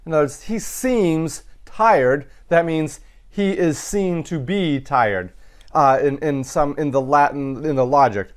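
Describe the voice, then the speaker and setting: A man teaching Latin, working slowly through sentences and parsing each word aloud, with frequent pauses and fillers. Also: on the high side. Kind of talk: recorded grammar lesson.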